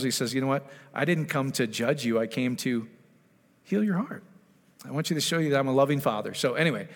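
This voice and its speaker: A man preaches in an easygoing, conversational way, his voice sitting at an ordinary middle pitch. He keeps checking in with the congregation and slips into little acted quotes. A long reverb trails behind him, the sound of a large church hall. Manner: animated, asks the audience questions, acts out quotes. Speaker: pastor. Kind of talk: conversational sermon.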